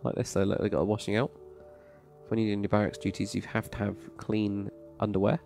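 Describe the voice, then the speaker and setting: Touring a game build as a Minecraft server plot reviewer, this man offers brisk, rambling, enthusiastic commentary and hands out praise generously. His voice is on the low side, gravelly and darkish, with a level tone. Faint background music runs underneath.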